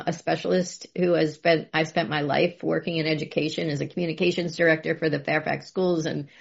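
A woman's voice: on the low side, gravelly. A middle-aged woman in casual conversation, telling a heartfelt, rambling story with emotion. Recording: muffled lo-fi audio.

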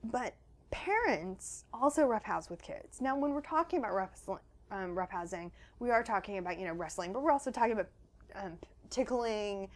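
Animated woman explaining research. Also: medium pitch, normal speed. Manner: animated, acts out quoted children's voices. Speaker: author and guest. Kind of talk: conversational interview. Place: home.

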